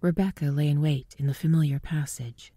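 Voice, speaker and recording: A woman narrating a ghost story from a script in a hushed, breathy delivery that often drops to a whisper. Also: deep voice, steady tone, brisk, dry recording.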